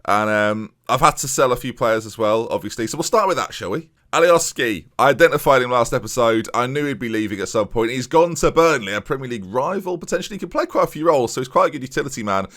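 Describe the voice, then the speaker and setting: A man's voice: medium pitch, lively intonation, quick pace, hardly any pauses, a bit bright. A man chatting casually and with self-mockery as he plays a game and talks viewers through his moves, recorded at home. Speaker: gaming YouTuber.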